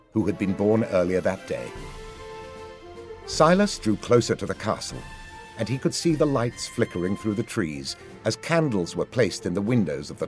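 A man narrating an audiobook with expressive storytelling. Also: on the low side. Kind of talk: scripted narration.

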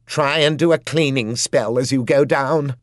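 In a clean, echo-free studio recording, a man voices a commanding woman wizard in an audiobook as she gives urgent orders. He speaks unhurriedly at a medium pitch, raised above his own natural voice yet close to an everyday tone.

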